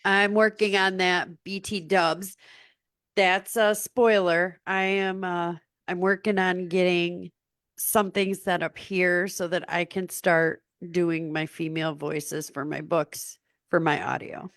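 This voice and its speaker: Laughing low-voiced woman author. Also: little pitch movement, takes it slowly, fairly bright tone, dry recording, studio quality. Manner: laughs often, self-deprecating. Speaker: author guest. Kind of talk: casual interview chat.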